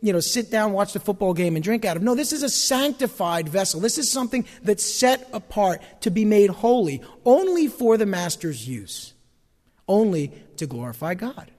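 Animated high-voiced male pastor preaching. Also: moderate pace, long reverb tail. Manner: animated preaching, folksy asides. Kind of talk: sermon.

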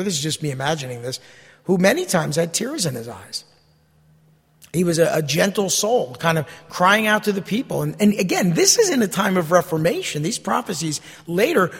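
Raspy, gravelly preacher in a hall. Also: male voice, a little high, a bit bright. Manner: preaching with call-and-response "Amen?" and scripture readings. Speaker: pastor. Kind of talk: sermon.

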